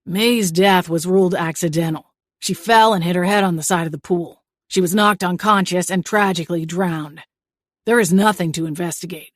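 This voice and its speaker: A woman voicing a gruff, impatient small-town sheriff who speaks bluntly in a cozy audiobook. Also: fairly low pitch, moderate pace, no echo, studio quality, natural voice. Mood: stern. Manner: demanding, blunt.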